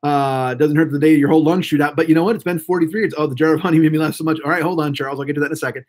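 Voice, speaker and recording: A hoarse man in his fifties hosting a live stream, rambling and swearing excitably as he chats with viewers. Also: on the high side, racing. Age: 50s. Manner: rambling, profane, excitable, talks to chat. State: hoarse throat. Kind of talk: casual live-stream chat.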